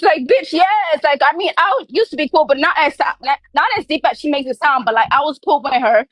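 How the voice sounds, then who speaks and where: A young woman in her twenties rants angrily and profanely, calling in from a restaurant. Her voice is high and the sound is dry and close. She talks fast once she gets going. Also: fairly bright tone, dry recording, low-quality recording. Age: 20s. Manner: angry, profane, fast ranting. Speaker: guest caller. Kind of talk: heated casual call-in chat.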